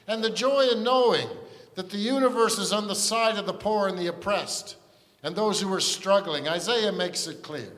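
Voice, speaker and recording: A man's voice: high voice, normal speed, fairly bright tone. A man preaching a sermon as pastor, earnest and conversational, with asides and restarts. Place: church sanctuary. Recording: long church reverb.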